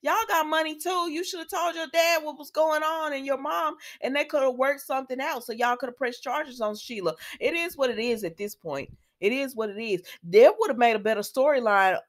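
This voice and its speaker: A woman's voice: high-pitched, fairly quick, hardly any pauses. A woman giving a casual, chatty recap of a soap opera episode. She talks straight to her viewers and acts out the characters as she goes.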